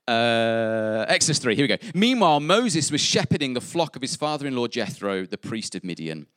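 A very animated, medium-pitched man gives a sermon in church at a moderate pace, his voice a bit bright and captured in echo-free studio quality. He reads scripture aloud in a conversational way, tossing in little jokes and asides and breaking off with fillers.

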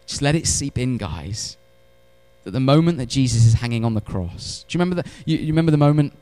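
Preaching fast in a medium-pitched voice, a pastor delivers an animated church sermon that shifts between loud emphasis and hushed moments, sprinkled with wry humor.

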